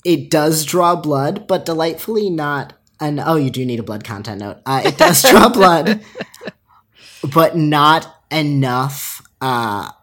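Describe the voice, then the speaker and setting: A woman co-hosting a podcast, telling animated stories with frequent laughter and acted-out quotes. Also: low-pitched, slow. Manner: animated storytelling, laughs often, acts out quotes. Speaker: podcast co-host. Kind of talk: casual podcast chat.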